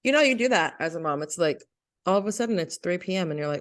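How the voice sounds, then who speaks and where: A woman's voice: on the low side, animated, quick pace. A woman in her thirties co-hosting a podcast about motherhood, joking and laughing through casual chat. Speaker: podcast co-host.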